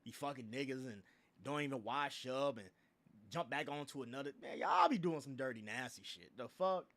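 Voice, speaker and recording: A man's voice: medium pitch, very animated, normal speed, fairly bright tone. A young man hosting a livestream, ranting in a casual, profane way with laughs and repeated filler phrases. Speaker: livestream host.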